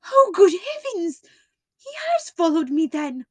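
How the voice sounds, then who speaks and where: A woman's voice: very high-pitched, sing-song, takes it slowly, a little mellow, no echo, pitched above the performer's own voice, heavily acted. A woman doing a frightened young lady.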